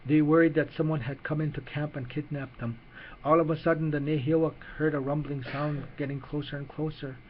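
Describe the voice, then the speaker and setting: A man narrating a children's story in an unhurried way, with small restarts as he reads. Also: fairly high pitch, steady tone, muffled recording.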